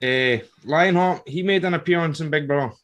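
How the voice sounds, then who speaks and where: A Scottish man hosts a relaxed podcast chat. He keeps his replies short and easygoing, dropping in questions between his guest's stories. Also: fairly high pitch, normal speed, muffled recording. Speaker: podcast host. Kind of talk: casual interview chat.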